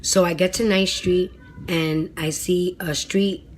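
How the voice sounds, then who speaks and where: A woman vlogger telling a personal story in a casual monologue. She is earnest and dramatic, says "you know" a lot, and sometimes drops to a hushed near-whisper. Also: on the low side, steady tone, takes it slowly, a little hiss or hum. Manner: chatty with fillers like "you know" and "right?".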